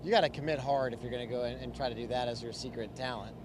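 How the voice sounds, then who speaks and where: A man's voice: medium pitch, steady tone, fast. A man from California, a race car driver, answering interview questions in an easygoing, rambling way. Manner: easygoing, rambling, many fillers. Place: outdoor race garage. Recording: noisy outdoor garage recording.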